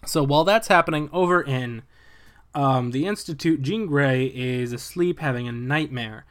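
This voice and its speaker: A young man with a medium-pitched voice gives a casual recap of a movie's plot. He's animated and profane, tossing in quick voiced asides for the characters.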